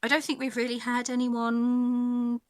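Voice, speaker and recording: A woman's voice: fairly high pitch, monotone, a little slow, no room sound. A British woman with a British English accent, a guest streamer chatting casually in an interview, self-deprecating and laughing often. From Britain.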